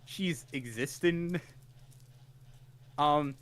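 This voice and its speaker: A man's voice: a little high, extremely slow, fairly bright tone. A man co-hosting a casual anime podcast, retelling episodes with lots of restarts and amused laughs. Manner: rambling, many restarts, laughs at his own retelling. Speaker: podcast co-host. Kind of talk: casual anime review chat.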